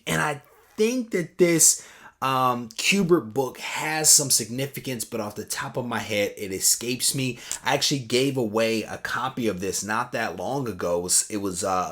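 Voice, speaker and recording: Casual man unboxing comic books. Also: mid-range voice. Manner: relaxed, chatty, many "uh" pauses, reads fan mail aloud. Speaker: comic collecting channel host.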